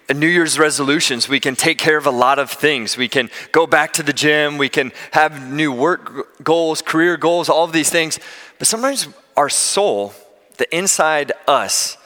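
A man preaching a sermon as pastor, telling stories in a conversational, animated way. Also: a little high, in a large hall.

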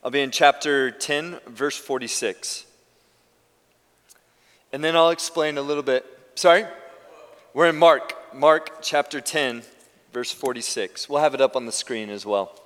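A man's voice: medium pitch, measured pace, pauses often, fairly bright tone, in a large hall. A male pastor giving a conversational sermon in a church, often restarting his sentences. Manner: conversational preaching with frequent restarts. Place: church sanctuary.

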